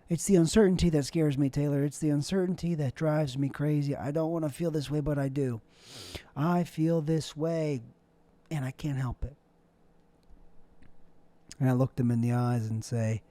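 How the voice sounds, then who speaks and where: A man's voice: a little high, normal speed, pauses often, mellow, dry recording. A young man hosting a solo podcast, rambling through a loose, self-deprecating monologue with jokey asides. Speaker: podcast host.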